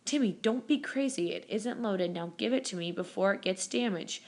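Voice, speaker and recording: A woman voicing a young man, a protective older brother, speaking in urgent, hushed pleas. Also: mid-range voice, moderate pace, lightly acted. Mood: pleading.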